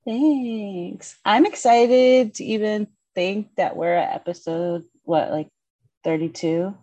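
A woman co-hosting a podcast in casual chat, upbeat and quick to laugh. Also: medium pitch, warm tone. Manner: upbeat and giggly. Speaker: podcast co-host.

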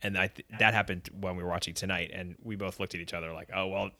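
A man co-hosting a casual recap podcast. His voice sits a bit low, and he walks through the events conversationally, with ready laughter. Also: fairly even intonation, quick pace, bright, forceful tone, dry recording. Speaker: podcast co-host. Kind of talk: casual chat recapping a dating show.

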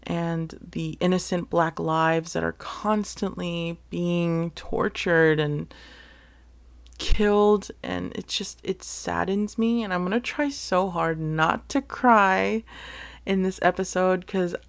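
An earnest woman hosts a casual solo podcast, unhurried and deliberate in her delivery. Her voice sits a little on the low side, and she talks with feeling, swearing casually and restarting her sentences. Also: creaky. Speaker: podcast host.

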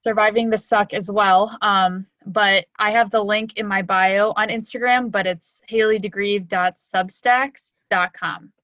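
Woman guest, upbeat and encouraging, bright voice, dull lo-fi audio. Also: mid-range voice, fairly even intonation, a little slow, hardly any pauses, no echo. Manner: enthusiastic, encouraging. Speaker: podcast guest. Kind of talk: casual podcast chat.

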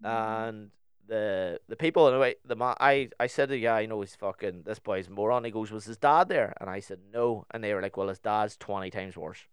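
A young Northern Irish man tells a story in casual podcast chat, acting out each side of a past conversation. His voice sits fairly low and sounds smooth and clear. The sound is dry and close, with no room around it. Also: fairly quick, no echo. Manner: animated, acts out both sides of the story.

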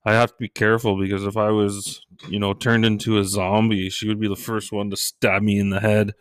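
A middle-aged man with a somewhat low voice tells crude, joking stories in a loose, casual way. He jumps into high, shouted voices for the people he quotes. The recording is very dry and close. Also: flat delivery, brisk, smooth, no room sound. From Canada. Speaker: stand-up comedian. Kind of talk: casual comedic storytelling.

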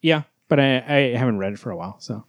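Man, podcast co-host, blunt, teasing, cursing, average pitch, dry close sound. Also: fast, no echo. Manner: teasing, blunt, curses freely. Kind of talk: casual chat.

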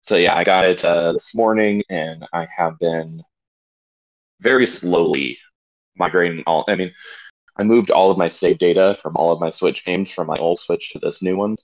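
A man co-hosts a casual podcast in a very low, deep voice. He talks in a relaxed way and swears freely. His remote mic sounds muffled and lo-fi. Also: normal speed. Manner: laid-back, swears casually. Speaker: podcast co-host.

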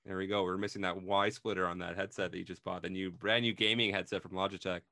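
A man's voice: deep voice, little pitch movement, fast, vocal fry, pushed and bright, no echo, studio quality. A man co-hosting a casual podcast chat, upbeat and jokey, often laughing. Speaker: podcast co-host.

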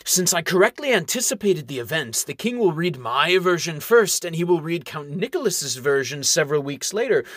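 Pitched above his own natural voice, a man performs a gloating, ambitious middle-aged baron for an audiobook, lecturing smugly and monologuing about his schemes. The delivery is a little high, very animated, fairly bright, at a moderate pace with hardly any pauses. The recording is dry and studio-quality.

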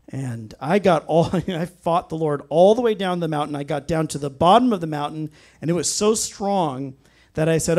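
A man's voice: fairly high pitch, lively intonation, normal speed, darkish tone. A man preaching a sermon, telling a personal story in an earnest way and breaking into frequent amens. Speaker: pastor.

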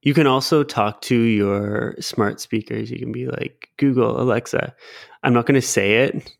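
A man's voice: medium pitch, steady tone, moderate pace, creaky, no echo. Guy cohosting a chill podcast, swears a lot, laughs easy, dry close sound. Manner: loose and swearing, laughing easily. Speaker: podcast co-host. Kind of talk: casual podcast chat.

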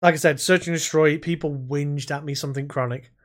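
A man's voice: a little high, brisk. A man co-hosting a podcast in casual gaming chat, rambling and swearing heavily as he tells his stories. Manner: rambling, heavy swearing, animated storytelling. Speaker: podcast co-host.

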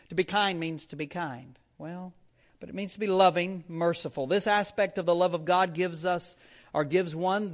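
A man with a notably high voice delivers a sermon, half teaching and half telling stories. He lingers on key phrases, repeating them slowly for weight. Between points he chuckles and drops casual fillers. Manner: conversational storytelling with fillers. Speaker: preacher.

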